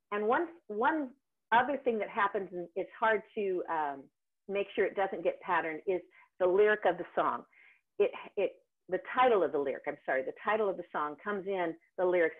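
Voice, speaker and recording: A woman vocal coach running an online singing workshop, encouraging and chatty, with frequent ums and restarts. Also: lowish voice. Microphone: video call. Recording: tinny phone-like call audio.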